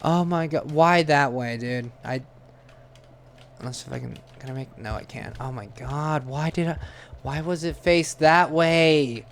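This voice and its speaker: A man's voice: on the high side, a little slow, slight background noise. Tense, cursing young man playing a game. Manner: tense, swearing, jumpy outbursts. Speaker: gaming channel host. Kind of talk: casual gameplay commentary.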